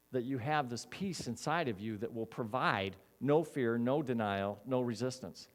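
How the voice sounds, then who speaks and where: Animated man preaching a sermon. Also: mid-range voice. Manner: animated, acts out quoted voices, repeats key words. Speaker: minister.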